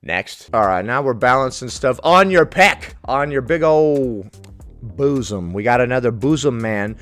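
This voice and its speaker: A man doing comic reaction commentary. His voice is lively and animated, swinging up and down in pitch, and he talks in a mocking, irreverent way with plenty of swearing. Faint music plays behind him. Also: unhurried. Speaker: reaction video host.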